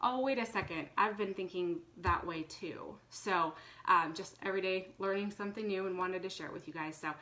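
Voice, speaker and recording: A woman in her thirties with a bright, clear voice, speaking at an ordinary mid pitch. She talks to her viewers in an earnest, chatty way, filling her pauses with fillers. It feels like casual live talk. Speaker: vlogger.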